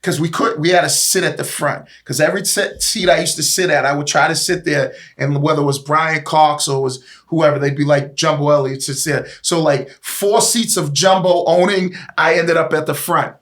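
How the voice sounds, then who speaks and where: A man's voice: on the high side, moderate pace, hardly any pauses. A man in his forties from East Boston with a Boston accent, a guest telling rambling, profane stories in a casual podcast chat. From East Boston, USA. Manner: animated, rambling, profane, laughing often. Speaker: guest, former pro football player.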